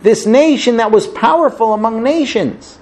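A man with a high voice gives an impassioned Torah lesson. He builds his points through rhetorical questions, and now and then he chants verses. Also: moderate pace, darkish tone. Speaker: Torah teacher. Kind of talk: Torah class on the Book of Lamentations.

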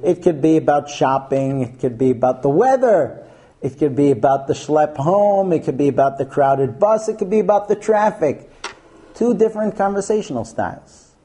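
A man gives a lively lecture, telling anecdotes and acting out the people in them. He sets out his points one by one. His voice sits a little high, with a soft, mellow tone. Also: moderate pace. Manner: storytelling, acts out quotes, numbered points. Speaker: speaker giving a talk on marriage. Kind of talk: humorous lecture to an audience.

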